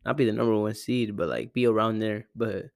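A man's voice: lowish voice, steady tone, brisk, vocal fry, no echo, studio quality. A young man from Arizona rambling through a casual, profane sports rant at home, often correcting himself. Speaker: sports podcaster. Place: home room with a cat. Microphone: close desk mic.

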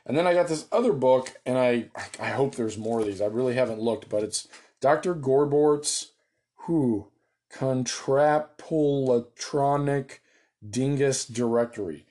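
American guy, hyped solo gamer, jokes and cusses, mid-pitched everyday voice. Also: measured pace. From United States. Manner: excited, joking, swears casually. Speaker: solo tabletop game player. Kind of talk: casual solo game chat.

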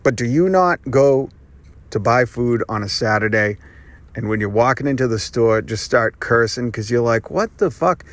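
A man in the middle of a solo podcast rant, talking at an ordinary mid pitch. He rambles from point to point, sarcastic and full of swearing. It sounds like an unscripted monologue. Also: moderate pace, dry recording. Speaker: podcast host. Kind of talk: ranting monologue.

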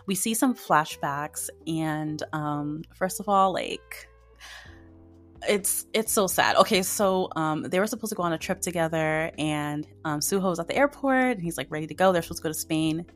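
A woman hosting a podcast, chatting casually and excitedly about dramas, with lots of "like" fillers. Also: sits low, normal speed, faint music behind. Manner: chatty and excitable, heavy use of "like". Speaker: podcast host reviewing dramas.

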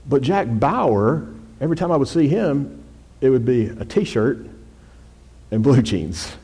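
A pastor preaching a conversational sermon, reading scripture aloud with rising force. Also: male voice, medium pitch, sing-song, a little slow, mellow, slightly rough. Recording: long hall reverb.

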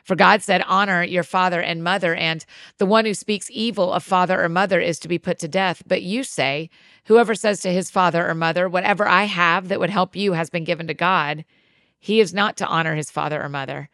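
A woman with a fairly low voice reads scripture aloud in a measured, even tone. The sound is close and dry, with no room around it. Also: dry recording. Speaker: scripture reader. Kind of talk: scripted Bible reading.

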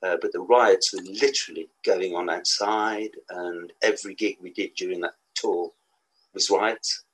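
A man's voice: low-pitched, steady tone, measured pace, fairly bright tone, low-quality recording. A man in his sixties with a West Midlands accent, a musician guest telling rambling stories with laughs and restarts. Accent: West Midlands English. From England. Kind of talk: casual storytelling.

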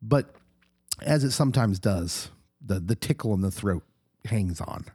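A middle-aged man who co-hosts a podcast, talking casually while hoarse and husky from a recent illness, animated and laughing often. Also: fairly low pitch, measured pace, no echo, clean studio sound. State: hoarse, getting over an illness. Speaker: podcast co-host, pastor.

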